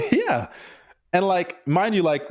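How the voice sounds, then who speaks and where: A man's voice: high voice, wildly swooping pitch, slow pace. A young man on a podcast, telling a casual story in a loose, rambling way with lots of fillers and chuckles. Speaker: podcast guest.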